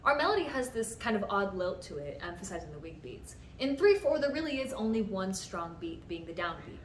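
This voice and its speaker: A woman's voice: medium pitch, big pitch swings, brisk, few pauses, slight background noise. A young woman composer explaining the theory behind her own piece in a patient, methodical way, sometimes counting beats aloud. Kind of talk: explanatory music-theory talk. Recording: roomy sound from a distant mic, music underneath.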